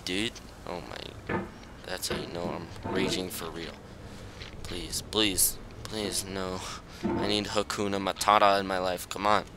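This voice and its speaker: A young man commenting on his own gameplay, pleading with himself and muttering, with sudden high yelps when things go wrong. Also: level tone, a little slow. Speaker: gaming channel host. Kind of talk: let's-play commentary. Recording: loud background noise.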